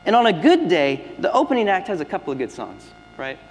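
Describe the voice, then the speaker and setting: A man preaching a sermon as pastor, swinging between loud emphatic lines and hushed, near-whispered ones. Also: high voice, big pitch swings, fairly quick, slight background noise. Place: church sanctuary. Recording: long hall reverb with faint music.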